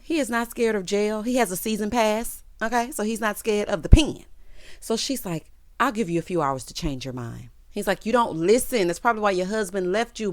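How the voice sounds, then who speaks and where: A woman with a mid-range, slightly bright voice reviews a TV episode in a casual vlog. Sassy and playful, she laughs often and acts out the characters' lines as a TV recap reviewer. The studio-quality audio has no echo.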